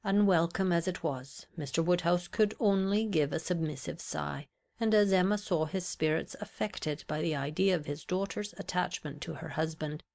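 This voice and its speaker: Low, gravelly woman narrator. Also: darkish tone. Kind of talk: scripted audiobook narration.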